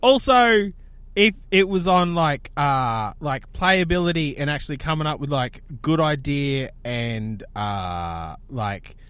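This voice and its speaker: Chatty Australian man, high voice, dry sound. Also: slow pace, clean tone, no echo. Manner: animated, joking, full of fillers. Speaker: podcast co-host. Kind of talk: casual banter.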